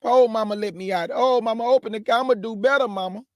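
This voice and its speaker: A man's voice: sits high, quick pace, no echo, lightly acted. A man voicing a rebellious boy who whines and pleads with his mother. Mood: pleading. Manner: whining, pleading.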